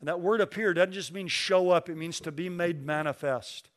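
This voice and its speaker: Slow, emphatic preaching man. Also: sits high. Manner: slows down and stresses key phrases when reading scripture. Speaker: pastor. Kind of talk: sermon.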